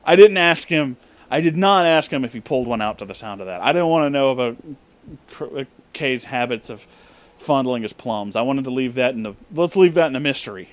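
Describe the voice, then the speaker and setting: A man telling a story in a casual, profane rant, breaking into loud disbelieving outbursts. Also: medium pitch, lively intonation, fairly quick. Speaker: storytelling vlogger.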